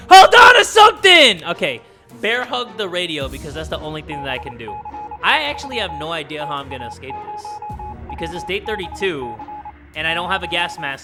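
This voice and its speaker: A young man casually commenting on a survival game, reading its text aloud and yelling at it. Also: fairly high pitch, fast, over loud music. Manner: loud, excitable, yells and swears at the game. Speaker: gaming YouTuber. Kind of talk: let's play commentary.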